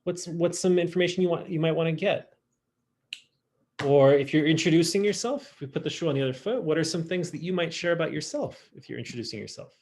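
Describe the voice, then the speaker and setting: A man teaching a French class online, modeling pronunciation in an exaggerated, lively way over a video call. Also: a little high, quick pace. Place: home, virtual class. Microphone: computer mic on a video call.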